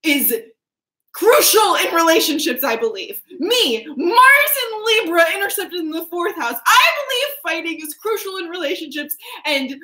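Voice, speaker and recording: Bright, animated woman chatting casually. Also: extremely high pitch, normal speed, roomy sound. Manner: animated, laughing, swears freely, acts out quoted voices. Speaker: astrology reader. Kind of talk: casual astrology chat.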